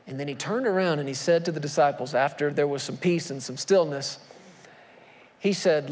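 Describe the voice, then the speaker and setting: A man's voice: on the high side, normal speed. A man preaching a sermon from the pulpit, emphatic, posing rhetorical questions to the congregation. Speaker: pastor. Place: church sanctuary. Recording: long reverb of a church hall.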